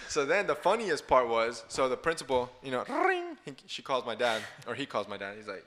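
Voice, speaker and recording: A young man co-hosting a casual podcast, telling a story with animated energy and frequent laughter. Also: medium pitch, normal speed. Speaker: podcast co-host.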